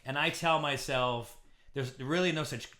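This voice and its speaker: Male comedian, mid-pitched, self-deprecating, halting delivery. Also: sharp tone. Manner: stammering restarts, self-deprecating. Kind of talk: casual podcast chat.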